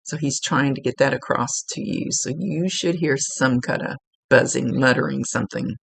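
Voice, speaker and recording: Gravelly-voiced woman giving a psychic reading. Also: very deep voice, normal speed, no echo. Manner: informal, rambling, with many fillers and restarts. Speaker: psychic medium. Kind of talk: one-on-one spiritual reading. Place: at home, seated.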